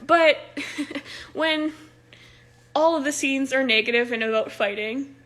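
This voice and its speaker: Young female improv coach, bright and sharp, casual and filler-heavy, talking into a phone. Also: high-pitched, slow. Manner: chatty, laughs often, many "like" fillers. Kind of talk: casual livestream talk.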